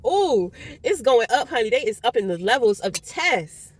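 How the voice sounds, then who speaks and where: Blunt, high-voiced woman reading tarot. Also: normal speed. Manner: blunt and profane, animated storytelling. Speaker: tarot reader. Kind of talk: casual tarot reading monologue.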